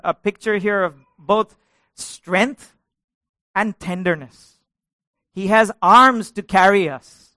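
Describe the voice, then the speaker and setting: A man's voice: high-pitched, pushed and bright, no echo. A middle-aged male pastor preaching a sermon, asking his congregation questions and building to passionate peaks.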